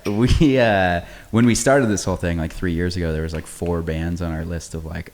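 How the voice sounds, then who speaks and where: A male podcast host with a fairly low voice, talking with a band in a casual interview. He is eager and gushing, rambling a little with plenty of fillers. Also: moderate pace, few pauses, darkish tone. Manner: enthusiastic, gushing praise, filler-heavy.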